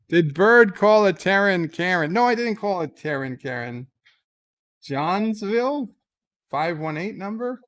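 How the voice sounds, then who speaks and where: A man's voice: high-pitched, animated, measured pace, a bit bright. A man hosting a livestream, reading chat comments aloud in a casual, wry way with frequent filler words. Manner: reads chat aloud, chatty, lots of uh fillers, wry asides. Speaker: livestream host.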